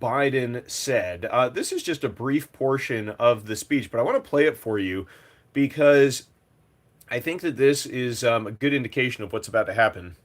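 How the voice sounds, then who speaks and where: A man's voice: mid-range voice, lively intonation, moderate pace. A man hosting a casual commentary video, talking in a loose, conversational way with frequent filler words. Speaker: host.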